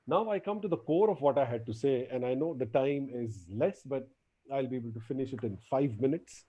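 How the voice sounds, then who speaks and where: A man giving an academic lecture as guest lecturer, animated, often repeating his words and acting out quotes. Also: medium pitch, brisk, low-quality recording.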